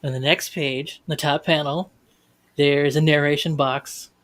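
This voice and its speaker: Halting man describing comic panels. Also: on the high side, fairly even intonation, a bit bright. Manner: halting, many fillers. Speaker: podcast co-host.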